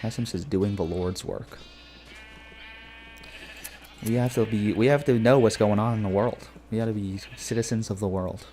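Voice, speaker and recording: A man's voice: lowish voice, fairly even intonation, a little fast, hardly any pauses, warm tone, a little hiss or hum. A young man streaming a game, chatting casually, joking and rambling as he reads chat messages aloud.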